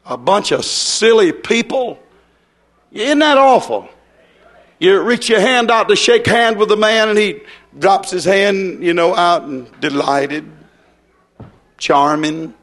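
A man's voice: sits high, lively intonation, measured pace, a bit bright. A man preaching a fiery, folksy revival sermon.

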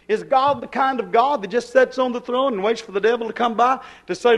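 High-voiced male preacher, emphatic, hollers his questions. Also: brisk, hardly any pauses. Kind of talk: sermon.

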